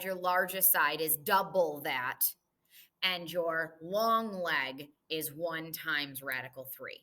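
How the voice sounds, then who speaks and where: Bright-voiced woman teaching a math review. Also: sits low. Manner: patient, explaining step by step while writing on the board. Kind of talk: recorded math lesson review.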